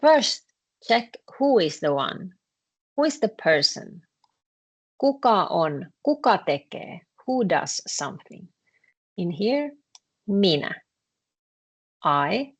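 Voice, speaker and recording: Slow, gravelly-voiced woman teacher. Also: mid-range voice, big pitch swings. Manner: slow, patient explanations with many repeats and fillers. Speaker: Finnish language teacher. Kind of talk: explaining a lesson to students.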